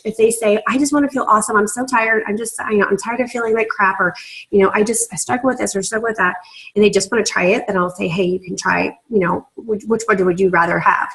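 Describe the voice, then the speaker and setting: A woman's voice: mid-range voice, low-quality recording. A woman leading a casual sales training on a video call, chatty and full of fillers, laughing easily. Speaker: team leader giving sales training.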